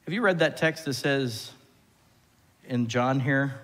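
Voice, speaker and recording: A man preaching a sermon as pastor, animated, often putting questions to the congregation. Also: mid-range voice, slow. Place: church sanctuary. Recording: church hall reverb.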